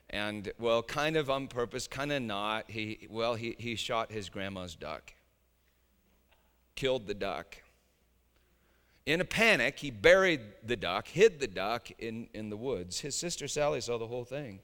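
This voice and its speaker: A man preaching with lively, bright dramatic swings, moving from hushed low lines up to ringing shouts. He speaks slowly and deliberately, and his voice echoes through a hall with a long reverb. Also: clean tone. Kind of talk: sermon.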